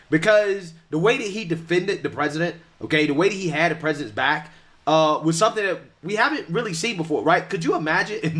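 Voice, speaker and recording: A man's voice: fairly high pitch, fairly bright tone. Chuckling man talking politics. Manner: chuckles through his points, tags lines with "right?". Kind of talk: casual political commentary.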